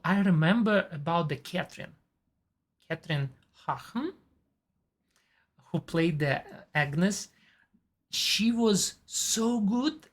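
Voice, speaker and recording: Woman in her forties, non-native English accent, slow and gravelly, easygoing TV-review chat. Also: lowish voice. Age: 40s. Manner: chatty, enthusiastic about actors. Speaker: TV and movie reviewer. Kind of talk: casual chat.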